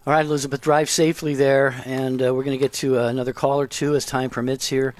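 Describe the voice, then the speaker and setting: Measured male radio host, dry studio sound. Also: medium pitch, little pitch movement, no room sound. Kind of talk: call-in radio hosting.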